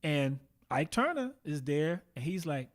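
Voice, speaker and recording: Lively, high-voiced storytelling man. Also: measured pace. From Bay Area. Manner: animated anecdotes, mimicking people he quotes. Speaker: guest drummer. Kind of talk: casual interview storytelling.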